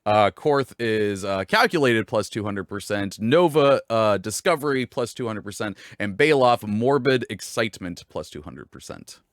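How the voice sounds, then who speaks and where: Male fill-in host, lively pitch, dry close sound, self-deprecating rambler. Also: moderate pace, hardly any pauses, no room sound. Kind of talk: casual live-stream chat.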